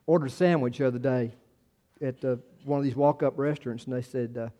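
Speaking quickly in a steady, mellow, mid-range voice, a pastor in his sixties delivers a folksy sermon that feels like conversation, with repeated words and stories from his own life.

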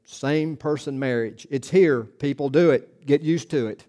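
A man's voice: medium pitch, a little slow, hardly any pauses, warm tone. A man preaching a sermon in an emphatic style, repeating key words and restarting his phrases. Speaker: pastor.

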